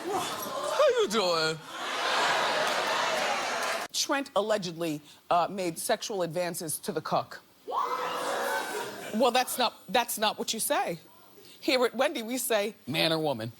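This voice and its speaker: A woman hosting a talk show, loud and playful, laughing and giving advice to audience members in a studio. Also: medium pitch, sing-song, unhurried, very noisy.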